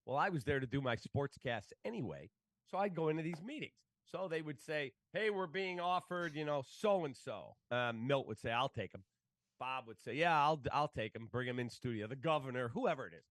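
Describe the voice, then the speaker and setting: A sports broadcaster spins stories in a relaxed chat, jumping into other people's voices as he goes. His voice sits at an ordinary pitch for a man. The room sound is dry and close. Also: normal speed, dry recording. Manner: animated, acts out quoted voices. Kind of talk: casual storytelling.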